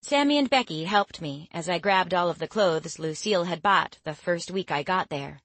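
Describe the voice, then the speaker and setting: A woman reading an audiobook in steady, measured first-person narration. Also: fairly low pitch, no room sound.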